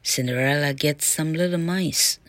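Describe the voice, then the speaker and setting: A woman teacher reading a storybook aloud slowly and carefully in a bilingual lesson. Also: low-pitched, no echo. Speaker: English teacher.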